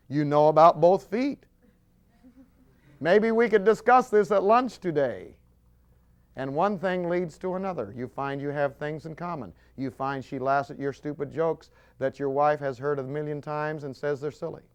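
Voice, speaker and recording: A man preaching a sermon with animated storytelling, acting out scenes as he goes. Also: fairly high pitch, moderate pace, clear, resonant tone, lo-fi sound.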